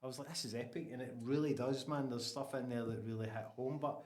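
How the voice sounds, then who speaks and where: Ayrshire Scottish male host, animated and laughing, recorded in a roomy space. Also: mid-range voice, fast talker. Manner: animated, laughs often, restarts, Scots words like aye and wee. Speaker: podcast host. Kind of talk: casual chat.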